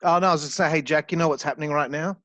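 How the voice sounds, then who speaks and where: A man's voice: fairly high pitch, steady tone, racing, fairly bright tone, dry recording, lo-fi sound. A young man co-hosting a casual wrestling podcast, laid-back and joking. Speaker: podcast co-host.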